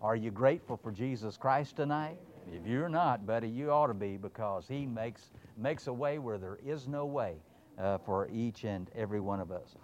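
A man's voice: medium pitch, moderate pace, dull audio, a little hiss or hum. A man preaching a folksy, emphatic sermon, reading scripture aloud and voicing God in playful asides.

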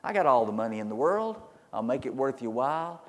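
A man's voice: medium pitch, big pitch swings, a little fast, close to an everyday voice. Man playing a greedy king, whiny and wheedling, hall echo. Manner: whining, wheedling.

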